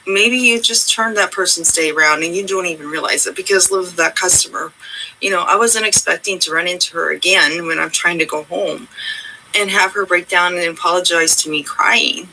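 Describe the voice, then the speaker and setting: A woman's voice: fairly low pitch, moderate pace, bright, forceful tone, slight background noise, rough recording. A woman hosting her own channel, chatting casually and earnestly to her viewers in a rambling, reassuring way. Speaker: channel host. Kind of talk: casual heartfelt chat to viewers.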